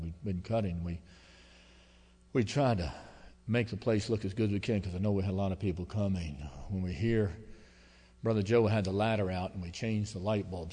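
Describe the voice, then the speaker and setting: A man preaching a sermon as pastor, telling stories in a folksy, emotional way that swings between loud and hushed. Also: on the low side. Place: church sanctuary. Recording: long hall reverb.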